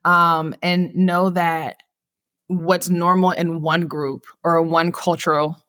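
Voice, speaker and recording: Here the same kind of casual mental health chat comes from a Californian podcast host who reflects aloud, says "you know" a lot, and addresses her listeners directly. She sounds low-ish and slow, with little pitch movement and a fairly bright tone, and there's no room sound.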